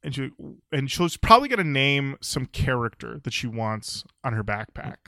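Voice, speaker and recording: A man co-hosting a comedy podcast, riffing in a playful mock sales pitch and acting out little scenes. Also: sing-song, normal speed, sharp tone, dry recording, clean studio sound. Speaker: podcast co-host.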